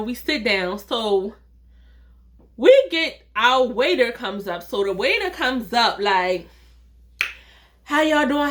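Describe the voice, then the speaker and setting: A woman telling a personal story in a casual vlog, chatty and animated, acting out the dialogue and talking straight to her viewers. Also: mid-range voice. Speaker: vlogger, storyteller.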